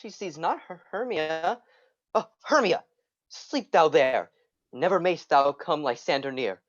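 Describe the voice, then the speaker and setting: A woman's voice: low-pitched, lively intonation, a little slow, dry recording, lo-fi sound. A woman playing the young lover Lysander, speaking verse earnestly in a community theatre reading. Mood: ardent. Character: young Athenian lover Lysander, ardent man.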